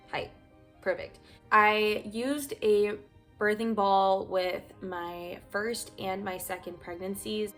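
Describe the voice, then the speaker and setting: A young woman with a medium-pitched, slightly bright voice talks casually to camera as a parenting vlogger. She's noticeably out of breath, chatty and rambling, with plenty of fillers.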